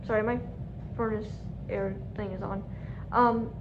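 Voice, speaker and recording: A woman's voice: mid-range voice, fairly even intonation, measured pace, lo-fi sound, noisy background. A woman vlogging at home, telling a story in a casual, chatty way with lots of "like" and frequent laughs. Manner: chatty, heavy use of "like", laughs often. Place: home room with furnace running.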